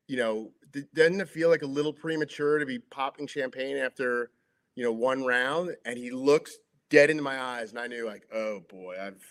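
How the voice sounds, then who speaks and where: A middle-aged sportscaster spins loose anecdotes, leaning on "like" and "you know" as he goes. His pitch sits in an ordinary middle range for a man, and he slips into other people's voices to act out conversations. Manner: lively storyteller acting out quotes, many "like" fillers. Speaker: sports broadcaster. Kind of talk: casual anecdotal storytelling.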